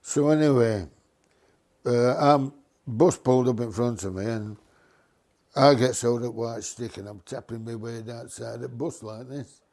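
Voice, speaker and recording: An older man spins a reminiscing anecdote at an easy middle pitch. He chuckles now and then and slips into voices for the people he quotes. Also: a little slow, a little mellow. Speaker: retired bus driver.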